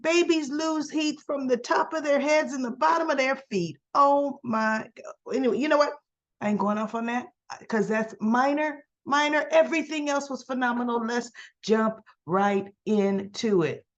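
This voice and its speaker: Excitable woman gushing over a soap episode. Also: high voice, moderate pace. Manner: excitable, gushing, acts out characters' lines. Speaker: soap opera recap vlogger. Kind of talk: casual excited episode recap.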